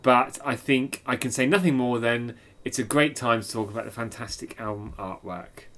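A man's voice: mid-range voice, moderate pace, a bit bright. Easygoing male podcast host. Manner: easygoing, presenter-like, with frequent fillers. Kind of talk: casual chat reviewing an album.

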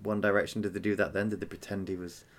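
A man co-hosting a podcast in casual chat, enthusiastic and chatty, quick to laugh. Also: low-pitched, little pitch movement. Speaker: podcast co-host.

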